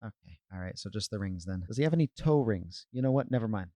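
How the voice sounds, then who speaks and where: Man, player, gravelly voice, playful joking talk. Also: lowish voice, lively intonation, fast, dark tone, dry recording. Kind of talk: casual play chat.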